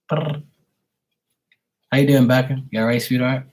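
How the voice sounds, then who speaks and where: A man on a live stream at home, greeting viewers by name in a relaxed, affectionate way. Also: medium pitch, moderate pace, long pauses. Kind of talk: casual live-stream chat.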